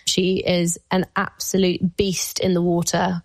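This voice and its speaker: A woman's voice: lowish voice, monotone, a little slow, no echo. A woman, a guest speaking openly and emotionally, with plenty of "like" fillers. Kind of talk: candid personal conversation.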